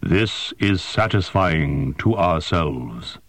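A man narrating a science-fiction story in a measured, expressive way. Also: low-pitched, no echo. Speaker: audiobook narrator. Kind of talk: scripted narration.

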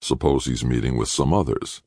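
A man voicing a relaxed, sly middle-aged man who speaks smoothly and without hurry. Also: rumbling low, normal speed, no room sound, clean studio sound. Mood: calm, needling.

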